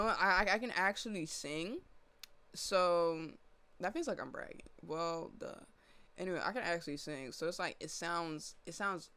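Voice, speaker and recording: Male musician, casual walkthrough, fillers everywhere, clear lightish voice. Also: a little high, bright, forceful tone, no echo. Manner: loose and slangy, rambling with many fillers. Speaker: musician breaking down his own song.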